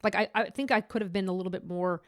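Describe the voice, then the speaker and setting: A woman's voice: medium pitch, steady tone, quick pace, no room sound, clean studio sound. Woman sharing a candid faith story. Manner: rambling, candid, many restarts and fillers. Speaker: podcast host. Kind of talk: personal faith testimony.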